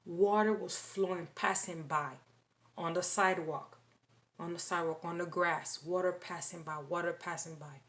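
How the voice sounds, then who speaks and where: A woman recounting a dream in casual spoken testimony, halting and repeating phrases with many restarts. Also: fairly low pitch, fairly even intonation, fairly bright tone.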